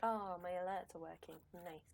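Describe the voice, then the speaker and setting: Young brit girl streaming a game, rambly and giggly, kinda low voice. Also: steady tone, moderate pace, vocal fry, background noise. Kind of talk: casual live game commentary.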